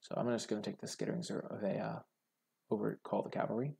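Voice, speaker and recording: Young male game host, lowish voice, casual think-aloud draft commentary with lots of fillers. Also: level tone, fast talker, gravelly, dark tone. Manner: musing, hesitant, many "like" fillers. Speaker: card game video host.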